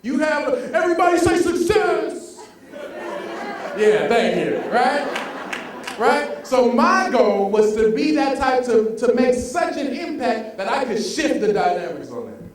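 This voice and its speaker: A man's voice: extremely high pitch, unhurried, distant mic, slight background noise. A young man giving a motivational speech, calling out to the crowd for responses. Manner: lively, call-and-response with the audience. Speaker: motivational speaker. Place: large room with an audience. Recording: very echoey hall, heard from afar.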